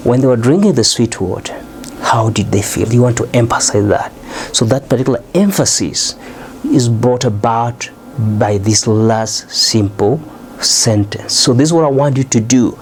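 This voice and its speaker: A man teaches a recorded English lesson, explaining things step by step, often pausing on "uh" and checking in with "okay?". His voice is medium in pitch, with a little hiss or hum in the recording.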